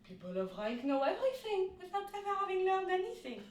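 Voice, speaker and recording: A woman's voice: extremely high pitch, sing-song, brisk. A woman playing a preening young nobleman. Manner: pompous, theatrical, exclamatory. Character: vain foppish young male nobleman, boastful. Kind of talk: stage comedy acting. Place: studio room. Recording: roomy studio, mic at a distance, faint noise.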